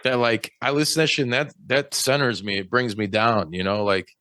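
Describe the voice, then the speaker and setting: A man hosting a podcast in casual chat, swearing freely and rambling in a high-strung way. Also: steady tone, fairly quick, pushed and bright, no room sound. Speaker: podcast host.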